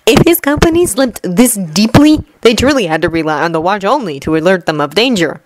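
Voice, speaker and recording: A woman reading a fanfiction story aloud at a gentle, even pace, lightly acting out the dialogue. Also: mid-range voice, fairly quick, poor audio. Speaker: fanfiction reader.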